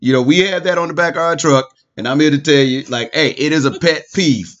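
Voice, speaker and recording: A man in his forties chatting casually as co-host, telling animated stories and acting out other people's voices, laughing often. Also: on the high side, fairly quick. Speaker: podcast co-host. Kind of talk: casual chat. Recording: slightly dull lo-fi sound.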